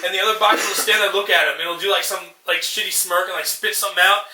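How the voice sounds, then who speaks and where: Dude ranting on a podcast, swears a lot, kinda high voice, echoey room. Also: male voice, fairly even intonation, rapid-fire, bright, forceful tone. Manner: rambling, profane, acts out scenes in mocking voices. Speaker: podcast co-host. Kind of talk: casual ranting chat. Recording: roomy echo.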